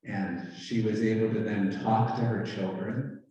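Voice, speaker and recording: A man's voice: lowish voice, fairly even intonation, unhurried, warm tone, dull audio. A male pastor telling a story in a conversational way, acting out the dialogue. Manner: conversational retelling with quoted dialogue. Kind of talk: storytelling talk. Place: church hall. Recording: echoey hall, mic far off.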